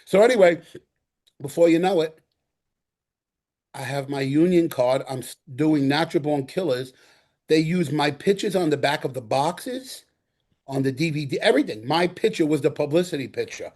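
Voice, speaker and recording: Animated middle-aged New York man telling stories. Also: fairly high pitch, moderate pace. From the Bronx, New York. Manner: animated, acts out quotes, repeats himself. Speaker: guest actor. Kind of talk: storytelling interview.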